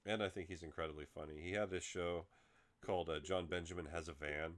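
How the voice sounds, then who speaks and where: Low-voiced animated male podcast host. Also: fast talker. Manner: animated storyteller, swears casually. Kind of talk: casual chat.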